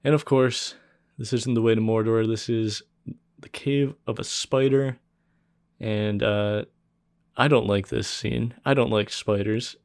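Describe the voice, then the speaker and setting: A man co-hosting a casual podcast, recapping a film in a laid-back, even-toned way. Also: lowish voice, a little slow, no echo, studio quality. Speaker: podcast co-host.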